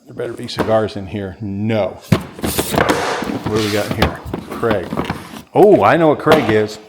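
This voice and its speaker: A man's voice: on the low side, unhurried, very noisy. A man giving a casual walkthrough of a workshop barn as a real estate agent, rattling off tools like an auctioneer. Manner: rambling, listing tools like an auctioneer.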